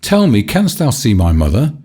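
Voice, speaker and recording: A man's voice: mid-range voice, huge pitch swings, normal speed, warm tone, husky, pitched above the performer's own voice. A man voicing a proud, cruel boy who speaks in hard, scornful archaic phrases in a storybook reading. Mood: remorseful.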